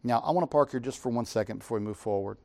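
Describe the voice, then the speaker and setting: A man's voice: mid-range voice, very fast, vocal fry, a little mellow. A man preaching a sermon, retelling scripture with emphatic, dramatic paraphrase.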